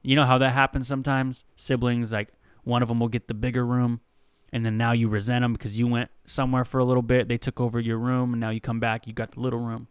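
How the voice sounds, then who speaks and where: A man's voice: medium pitch, little pitch movement, fast talker, clear, resonant tone, no echo, studio quality. A man hosting a comedy podcast, telling stories in a rambling, profane, conversational way. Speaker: podcast host.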